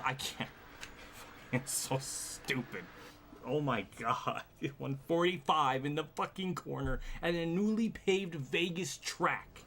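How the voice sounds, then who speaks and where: A man's voice: medium pitch, expressive, measured pace, pushed and bright, a little hiss or hum. A male streamer giving live gameplay commentary, frustrated, swearing and sighing often.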